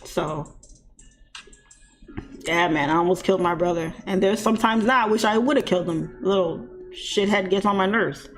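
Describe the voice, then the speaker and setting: Laughing, animated woman streamer. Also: medium pitch, moderate pace. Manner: animated, laughs often, mimics shrieking voices. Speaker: trading live-streamer. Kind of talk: casual storytelling to a live chat.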